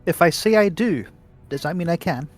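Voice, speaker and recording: A man's voice: on the high side, animated, moderate pace, faint music behind. A man playing a tabletop game, joking playfully as he describes his character's actions. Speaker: player. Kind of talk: casual tabletop game chat.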